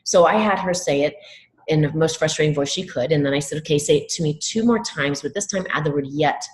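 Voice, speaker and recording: A middle-aged woman giving a motivational talk to educators, telling animated classroom stories and acting out what students say. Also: low voice, a little fast, a little hiss or hum, rough recording. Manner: animated storytelling, acts out quoted students. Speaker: education speaker.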